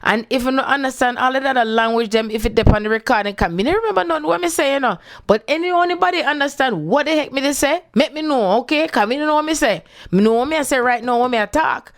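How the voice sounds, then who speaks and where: A woman's voice: high-pitched, expressive, fast, hardly any pauses. A woman from Jamaica with a Jamaican accent, giving a casual spiritual talk and playfully switching between patois and standard English. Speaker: spiritual speaker.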